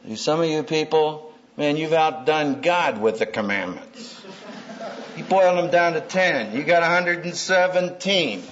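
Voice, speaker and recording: A man's voice: fairly high pitch, animated, a little slow, fairly bright tone. A man preaching to an audience about marriage and family, punchy and humorous, acting out everyday scenes as he goes. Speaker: speaker at a Christian conference. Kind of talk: sermon. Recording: dull lo-fi tape with faint hiss.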